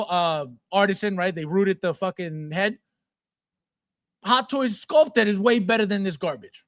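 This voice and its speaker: A man's voice: high voice, fairly bright tone, no room sound, clean studio sound. Blunt, scornful man ranting. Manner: repetitive, sarcastic jabs at viewers. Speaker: collectibles channel host. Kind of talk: ranting figure review.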